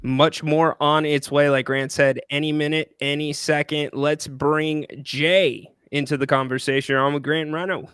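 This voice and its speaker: Upbeat co-host, higher voice. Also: male voice, little pitch movement, moderate pace, few pauses, a bit bright, smooth, dry recording, studio quality. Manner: upbeat, jokey, runs the phones. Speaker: radio co-host. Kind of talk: postgame call-in show.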